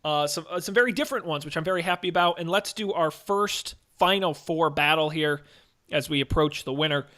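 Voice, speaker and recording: A man's voice: on the high side, a little fast. A man hosting a casual debate podcast, playful and upbeat, moving the show along. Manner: animated, playful. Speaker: podcast host.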